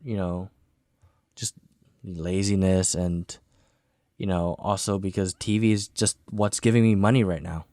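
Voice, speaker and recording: A man's voice: low voice, steady tone, a little slow, pauses often, darkish tone, dry recording, clean studio sound. A man chatting as a podcast guest, laid-back and full of "you know" fillers. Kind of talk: casual podcast chat.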